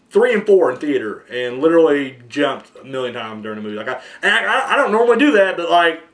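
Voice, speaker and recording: Animated, rambling young man host. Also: high-pitched. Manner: rambling, profane, animated storytelling. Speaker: podcast host. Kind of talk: casual chat.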